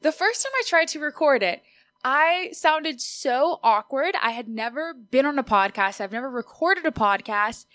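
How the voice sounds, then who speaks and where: A woman's voice: fairly high pitch, lively intonation, a little fast, few pauses, fairly bright tone, no room sound. A woman, whose was Spanish, hosting her own podcast in a bubbly, chatty, upbeat way. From Austin, Texas. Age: 20s. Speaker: podcast host. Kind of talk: solo podcast monologue.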